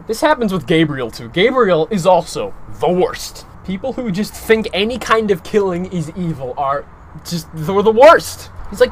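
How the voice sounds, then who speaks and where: Young male reviewer, a bit high-voiced, chatty and opinionated; faint hiss underneath. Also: normal speed. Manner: animated, opinionated, lots of filler "like". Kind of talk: casual video review.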